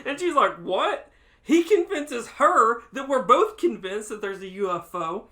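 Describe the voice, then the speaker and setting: A man co-hosting a podcast, telling a story in casual chat, laughing often and acting out quotes loudly. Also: very high voice, very animated, measured pace. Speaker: podcast co-host.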